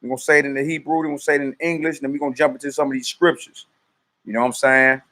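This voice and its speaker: A man from the United States leads a ministry livestream, speaking very fast in a mid-range voice with a flat delivery and sharp tone. He greets viewers by name with casual shout-outs in loose street slang, then leads call-and-response prayer, calling out lines for a group to repeat.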